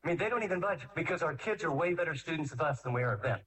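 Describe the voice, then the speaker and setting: A man giving a talk on parenting, acting out scenes with voices that swing between high scolding and slow, deep calm. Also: far from the mic, poor audio. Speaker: speaker on parenting. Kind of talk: animated talk with acted-out voices.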